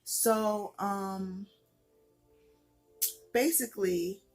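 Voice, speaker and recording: A woman's voice: medium pitch, fairly even intonation, extremely slow, soft background music. A heavily pregnant young woman, out of breath, telling a personal story in a chatty, candid way full of fillers. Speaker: vlogger.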